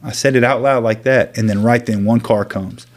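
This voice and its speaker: A man's voice: medium pitch, steady tone. Earnest man telling his story. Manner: earnest, halting, with many restarts. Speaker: guest sharing his testimony. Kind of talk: personal storytelling.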